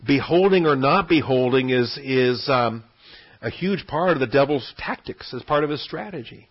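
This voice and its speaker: A man teaches a Bible study in an easy, conversational way, often repeating himself and pausing to ask "okay?". His voice is husky and sits at an ordinary pitch for a man. The recording sounds dull and lo-fi. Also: lively intonation. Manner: conversational, repeats words, frequent "okay?" check-ins.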